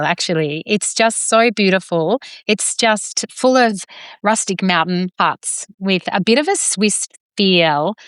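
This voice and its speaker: A woman's voice: medium pitch, a bit bright, clean tone, no echo, studio quality. A woman from Australia, a podcast guest chatting enthusiastically, with frequent ums and restarts. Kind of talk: casual chat.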